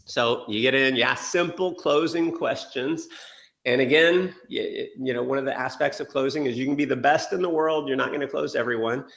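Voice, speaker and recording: A man giving an energetic sales training talk, telling stories and acting out quotes. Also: mid-range voice, brisk, vocal fry, echoey room. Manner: energetic storytelling with acted quotes. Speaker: motivational speaker.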